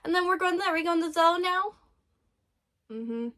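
A woman's voice: very high-pitched, animated, moderate pace, sharp tone. A young woman reacting to an anime episode, gushing and exclaiming often, squealing when she is moved. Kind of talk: excited anime reaction commentary.

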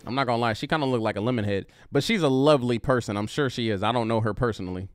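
A man hosting a casual reaction livestream, laughing and chatting with his viewers in an animated way. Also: medium pitch, rapid-fire, slight background noise. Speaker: reaction video host.

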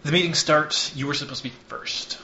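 A bright, forceful male game master narrating a tabletop session. He is casual and joking, with frequent ums. The recording is roomy and slightly dull. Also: fairly high pitch, a little fast, slight background noise. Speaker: game master and podcast host.

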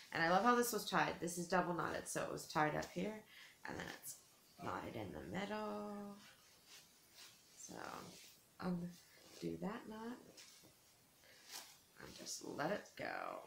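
Chatty woman with a gravelly voice. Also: lowish voice, bright, forceful tone, a little hiss or hum. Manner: chatty, rambling, heavy use of "like"; giggly, self-teasing. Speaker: beauty vlogger. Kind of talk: casual haul vlog.

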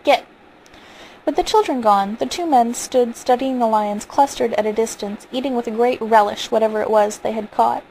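Calm story reader, woman, raspy fry, faint background hiss. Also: fairly high pitch, fairly quick, hardly any pauses, low-quality recording. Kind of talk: reading a short story aloud.

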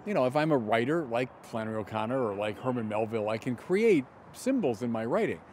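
A middle-aged man, a bishop, gives an emphatic teaching commentary outdoors in a garden, slowing down deliberately on key words. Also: medium pitch, lively intonation, a little mellow, a little hiss or hum.

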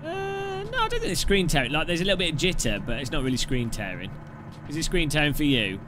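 A man's voice: on the high side, very animated, fast, very noisy. A man casually chatting and joking while live-streaming a game, swearing now and then. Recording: clear background music. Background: background music.

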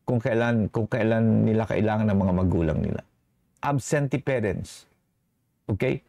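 A man's voice: medium pitch, gravelly, darkish tone, dry recording. Man giving a sermon in mixed English and Tagalog, regularly asks the congregation "okay?", dry close recording. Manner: switches between English and Tagalog mid-sentence. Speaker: preacher.

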